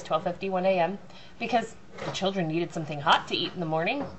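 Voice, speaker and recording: A woman's voice: fairly low pitch, slight background noise. A woman telling a long, rambling, self-mocking story about her family at home. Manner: chatty, self-mocking, acts out loud voices.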